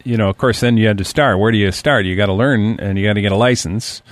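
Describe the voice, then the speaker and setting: A man hosting a radio interview, introducing his guest and asking questions in a halting way with fillers. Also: on the low side. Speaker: radio host.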